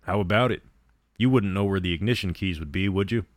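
A man voicing a lost young man who shouts and pleads in a spoken story. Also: deep voice, fairly quick, no room sound, studio quality, lightly acted. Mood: bewildered.

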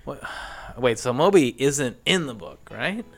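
A man's voice: medium pitch, lively intonation, fairly bright tone, faint music behind. A man in an improv comedy scene, talking hesitantly with many ums and restarts. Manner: hesitant, halting, full of ums. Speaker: improv performer.

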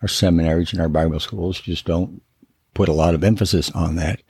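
A man's voice: low-pitched, steady tone, a little fast, a little mellow, slightly rough, dry recording, studio quality. A man, a biblical counselor, giving an earnest, emphatic teaching talk that stresses and repeats key words. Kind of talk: teaching sermon.

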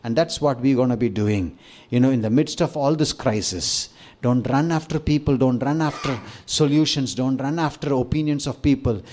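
A man's voice: mid-range voice, normal speed, darkish tone. Tamil-accented middle-aged man preaching a sermon. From Tamil-speaking South India. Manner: conversational preaching with frequent fillers and restarts. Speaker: pastor.

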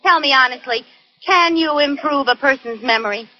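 A woman's voice: high-pitched, normal speed, close to an everyday voice. An actress in her twenties playing a chatty, scatterbrained young wife in a 1940s radio comedy, bubbly and giggling. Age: 20s. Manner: bright, bubbly, giggling delivery. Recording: dull old radio broadcast.

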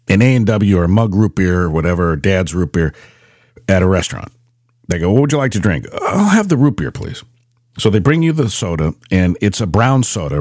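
A middle-aged man hosting his own podcast, telling stories in a rambling, animated way with frequent restarts. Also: low-pitched, no echo, clean studio sound. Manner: rambling storyteller, animated, self-correcting. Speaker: podcast host. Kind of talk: casual monologue.

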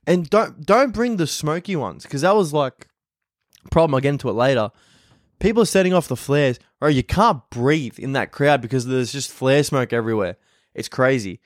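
A man's voice: medium pitch, dry recording, studio quality. A young Australian man, a comedian, telling rambling, profane stories in a casual podcast monologue from home.

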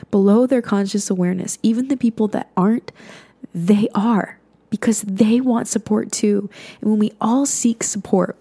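A woman's voice: mid-range voice, vocal fry, mellow. A woman hosting a podcast, telling a personal story in an earnest, conversational way with many fillers, sometimes dropping to a whisper for emphasis.

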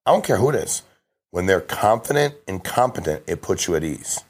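This low, very animated male voice belongs to a middle-aged insurance salesman guesting on a podcast. His casual storytelling is quick and emphatic, full of false starts.

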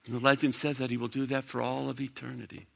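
A man preaching a sermon to a congregation, dramatic, swinging from loud to hushed. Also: mid-range voice, level tone, fast, creaky. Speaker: pastor. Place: church sanctuary. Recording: long hall reverb.

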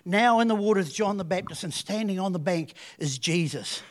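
A man preaches a sermon with a notably high voice. He tells his story in a lively, animated way, often stopping to restart a phrase. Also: normal speed.

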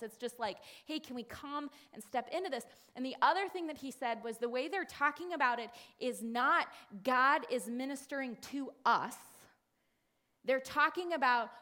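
A woman speaking to a congregation in a sermon-style talk, telling a story with many fillers and quick restarts. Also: high-pitched, bright, forceful tone. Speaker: church speaker.

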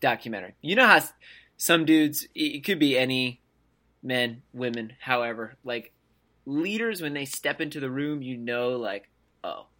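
Guy cohosting a football podcast, super lively voice, really bright and sharp. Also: mid-range voice, normal speed. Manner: animated, mimics players with voices. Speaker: podcast co-host. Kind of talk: casual sports chat.

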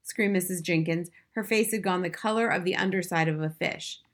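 Female audiobook narrator, clear and expressive storybook reading. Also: lowish voice, fairly quick.

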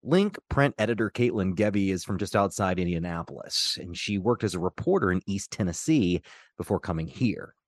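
A man narrating a scripted news feature in a measured, clear way. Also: deep voice, animated, dry recording. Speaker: radio reporter and narrator.

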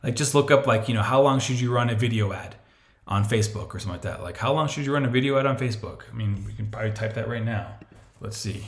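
A man's voice: medium pitch, quick pace, a little hiss or hum. A man hosting a podcast, giving casual marketing advice and acting out imagined clients in voices. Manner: animated, chatty, acts out imagined clients in voices. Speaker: podcast host. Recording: echoey room.

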